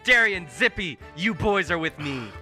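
A man voicing a boisterous, cheerful young king in a tabletop game, loud and exuberant. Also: high voice, expressive, moderate pace, over music, pitched above the performer's own voice. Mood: rallying. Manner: shouty, exuberant.

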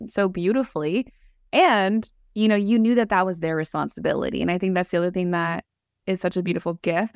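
A woman's voice: medium pitch, no echo, studio quality. A woman hosting a podcast, chatting in an enthusiastic, affirming way, full of "like"s. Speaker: podcast host. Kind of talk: casual podcast conversation.

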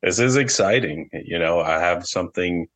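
A man's voice: sits low, moderate pace, fairly bright tone. A man co-hosting a casual podcast recap, joking and swearing freely. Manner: profane and joking. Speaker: podcast co-host.

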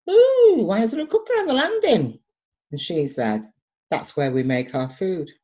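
An older woman from Manchester with a Manchester accent, telling personal stories in an interview and acting out the voices in them. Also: very deep voice. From Manchester, England. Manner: lively, acts out voices in her anecdotes. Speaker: poet and performer, interviewee.

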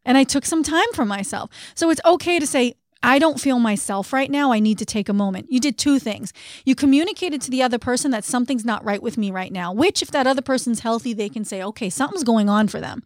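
Woman podcast co-host, earnest, explanatory, fairly high voice, dry close sound. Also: dry recording. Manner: earnest, explanatory, slows down for key phrases. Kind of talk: conversational podcast advice.

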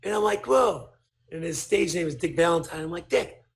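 A man, a podcast guest telling a story in casual chat, animated and swearing as he acts out what people said. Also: fairly high pitch, fast talker, gravelly.

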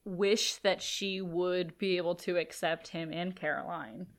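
A woman's voice: on the low side, unhurried. A woman co-hosting a podcast, casually recapping a TV episode, agreeing often and using a lot of filler words. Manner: relaxed, lots of "like" fillers and agreeing "yeah"s. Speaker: podcast co-host.

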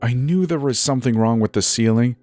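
A man's voice: medium pitch, very animated, moderate pace, breathy edge, faint music behind, voice pushed up. A man voicing a snappy, mouthy teenage boy who hisses and snaps back in a spoken horror story. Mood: tense. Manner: snapping, hissing retorts.

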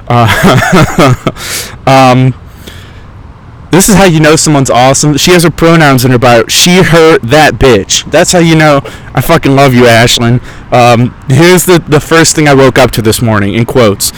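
A man's voice: medium pitch, normal speed, poor audio. A young man hosting a podcast, telling rambling, profane, sarcastic stories in casual chat. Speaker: podcast host. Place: outdoors in a park.

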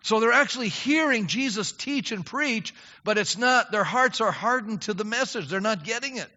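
An older male pastor delivers an earnest, emphatic sermon, his voice high for a man and bright. The sound is dull and lo-fi, with long reverb rolling around the hall. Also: lively intonation, moderate pace. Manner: earnest, emphatic preaching that rises to fervent prayer. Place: church sanctuary.

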